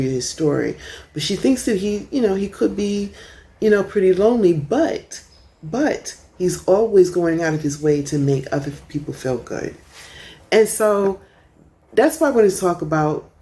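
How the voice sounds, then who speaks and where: A middle-aged woman tells stories in a relaxed, chatty vlog, sitting out on a porch. Her voice sits low and warm, and she keeps it animated with frequent laughs. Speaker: vlogger. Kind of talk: casual storytelling vlog. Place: outdoor porch in the rain.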